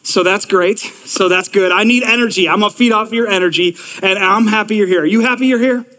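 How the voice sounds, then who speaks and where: Energetic high-voiced male pastor in a reverberant hall. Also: a little fast. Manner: energetic, repeats words and restarts often. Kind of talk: sermon. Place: large church hall with long reverb.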